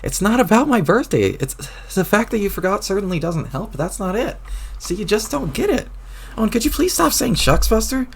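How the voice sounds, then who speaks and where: A man reading a webcomic aloud, voicing an exasperated young woman who scolds her friend in a raised, sharp voice. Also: sits high, sing-song, fairly quick, vocal fry, husky, pitched above the performer's own voice, exaggerated voice. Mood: scolding.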